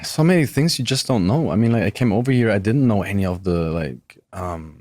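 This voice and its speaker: A young German professional wrestler with a light German accent chats easily as an interview guest, relaxed and talkative, often restarting his sentences. His voice is on the low side and fairly quick, with no echo.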